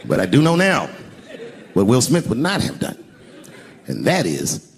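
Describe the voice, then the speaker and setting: With a mid-range voice, wildly swooping pitch, and vocal fry, an older stand-up comedian takes his time with a profane story, impersonating its characters. He uses a handheld mic on an arena stage, and the live recording carries crowd noise and laughter.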